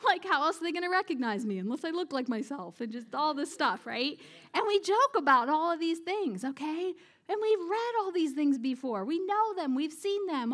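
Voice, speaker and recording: A woman with a high-pitched voice delivers a sermon. She speaks informally, turns questions back to her listeners, and laughs easily at her own jokes. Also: lively intonation, moderate pace, a bit bright. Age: adult parent. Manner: conversational, asks the audience questions. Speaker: preacher.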